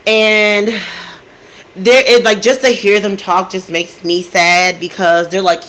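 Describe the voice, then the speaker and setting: A woman's voice: medium pitch, level tone, takes it slowly, a bit bright, low-quality recording. A woman telling a true crime story casually into a desk microphone, getting emotional and outraged and talking straight to her listeners.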